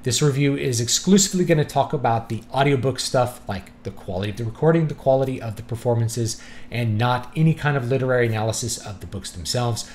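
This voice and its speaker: Male vlogger, mid-pitched everyday voice, relaxed chatty delivery, faint hum behind. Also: fast. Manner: relaxed and conversational, thinking aloud. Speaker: book reviewer. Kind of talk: casual spoken review.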